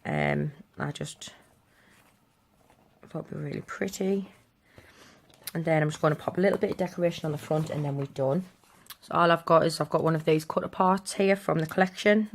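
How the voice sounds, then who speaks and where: A woman with a deep, fry-edged voice hosts a relaxed craft tutorial. She chats her way through each step while she works, with a faint hiss behind her. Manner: chatty, talks while working with her hands.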